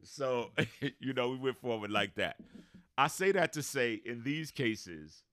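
Mid-range, clear and resonant, this man speaks a little slowly in a studio-quality recording without room sound. He's a podcast co-host telling a long, casual story, animatedly voicing each of its characters.

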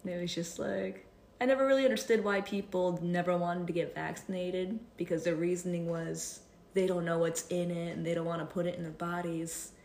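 A woman comedian chatting as a podcast guest, playful and quick to laugh. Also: fairly low pitch, steady tone, creaky, darkish tone, a little hiss or hum. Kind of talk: casual chat. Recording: roomy echo.

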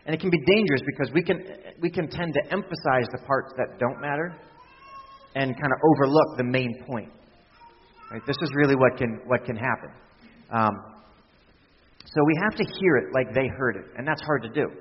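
A man's voice: medium pitch, normal speed, slight background noise. A man preaching a conversational sermon as pastor, with frequent restarts and asides. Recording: distant hall sound, dull lo-fi.

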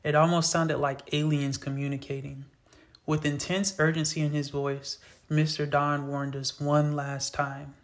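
A man's voice: a little high, little pitch movement, unhurried. A man reading his own novel aloud in an earnest, plain storytelling voice. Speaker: author reading his book. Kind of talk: storytelling narration.

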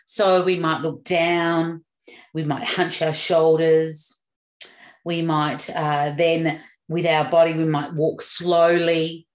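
Woman, lowish voice, earnest animated speaker, roomy echo. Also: takes it slowly. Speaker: motivational speaker. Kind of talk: motivational talk.

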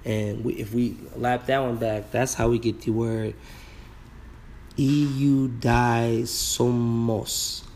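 A man, slowly working through a Bible word study, sounding out words and marveling with frequent exclamations. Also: medium pitch, flat delivery, vocal fry, a little mellow, slight background noise.

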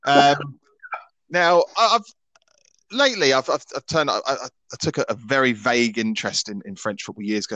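A man's voice: medium pitch, moderate pace, bright, forceful tone, dry recording. A Scottish man in his thirties hosting a football podcast in casual chat. He is opinionated and often stammers and restarts his sentences. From Scotland. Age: 30s.

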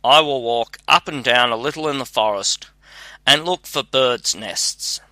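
Brief: a calm, clever young scholar, read by a man, slow and steady with a bright tone. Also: medium pitch, dry recording. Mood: firm. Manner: calm, firm and fearless.

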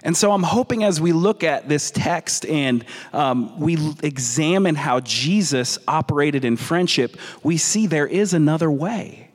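A man's voice: fairly high pitch, lively intonation, unhurried, hardly any pauses. A man with a Southern American accent preaching a conversational sermon, often restarting and repeating words. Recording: long reverb of a large hall.

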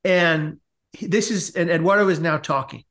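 A man, a podcast guest, telling a comic personal story with lively asides. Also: a little high, normal speed. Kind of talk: animated storytelling in a podcast interview.

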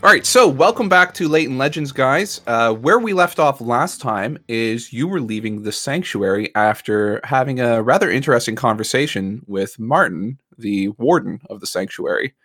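A man's voice: mid-range voice, lively intonation, moderate pace, hardly any pauses, pushed and bright, no room sound, clean studio sound, faint music behind. A man narrating a recap as game master of a tabletop role-playing game.

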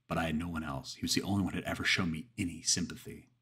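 Male horror storyteller, deep husky voice, earnest and deliberate. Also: steady tone, sharp tone. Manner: earnest, measured, with pauses and restarts. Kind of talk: horror story narration and reflective commentary.

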